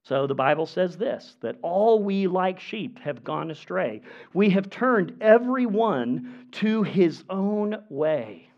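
Male pastor, fairly high voice, earnest emphatic sermon delivery, dull lo-fi recording. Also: animated, a little mellow. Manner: earnest, emphatic preaching with pauses.

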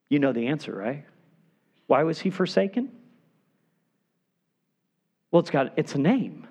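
Slow, high, animated male preacher. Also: husky. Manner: emphatic preaching, dropping to hushed tones for emphasis. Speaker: pastor. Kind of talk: sermon.

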